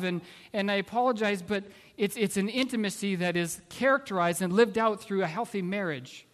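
A man preaching a sermon, telling a story in an earnest, halting way with many restarts. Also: high-pitched, in a large hall. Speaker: pastor.

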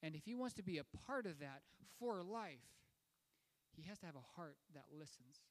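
A pastor with a slightly high, expressive voice preaches a sermon at a normal pace, telling a story conversationally with fillers and restarts. A long hall reverb surrounds the recording.

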